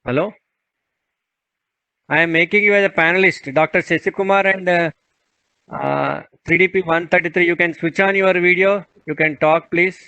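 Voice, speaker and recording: A man's voice: high-pitched, fairly even intonation, moderate pace, gravelly, pushed and bright, clean tone, dry recording. A man moderating an online session, patiently repeating requests for a participant to speak. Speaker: webinar moderator. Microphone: video call. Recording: dull, muffled video call audio.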